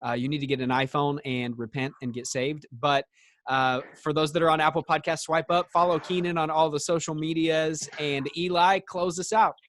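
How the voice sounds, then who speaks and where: A man's voice: fairly high pitch, fairly even intonation, moderate pace, a bit bright, dry recording. Laid back podcast host guy, jokey, dry mic. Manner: joking, easygoing. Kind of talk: casual podcast chat.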